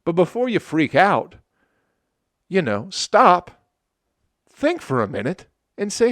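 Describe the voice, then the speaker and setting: A man's voice: sits high, wildly swooping pitch, slow, pauses often, no echo, studio quality. A male comedian from Michigan hosting his podcast in a casual, sarcastic monologue, swearing often and laughing at his own jokes. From Flint, Michigan.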